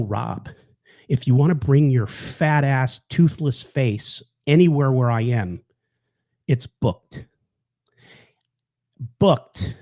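A man's voice: mid-range voice, darkish tone. A man hosting a show, telling a story in a blunt, angry, rambling way with heavy swearing. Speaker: podcast host. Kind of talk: casual monologue.

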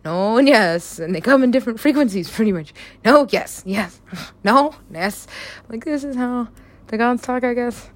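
A young woman chats casually about stories she has written, rambling, laughing often, and swearing freely. Her voice is fairly high and expressive, at a normal speed.

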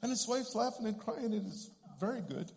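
A man in his sixties preaching a sermon, telling stories earnestly and growing animated at the high points. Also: a little fast, gravelly, in a large hall. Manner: earnest storyteller, animated when telling of healings. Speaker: ministry director. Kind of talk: sermon with storytelling.

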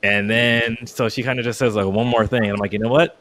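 A man's voice: mid-range voice, fairly even intonation, a bit bright. A man in his thirties in casual podcast chat, telling a long story with lots of fillers and restarts, acting out his own past lines with heat. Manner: rambling, halting, full of fillers and restarts.

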